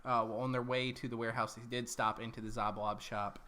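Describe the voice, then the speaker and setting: A man's voice: mid-range voice, level tone, fairly quick, pushed and bright. A man recapping his tabletop campaign as dungeon master, rambling along with lots of ums and corrections.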